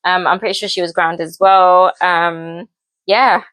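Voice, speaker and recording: A chatty young woman telling stories while she cooks in her home kitchen, her voice a little low and full of giggles and fillers. The sound is close and dry, with no room around it. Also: steady tone, unhurried, fairly bright tone, no echo. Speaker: vlogger. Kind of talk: casual storytelling while cooking.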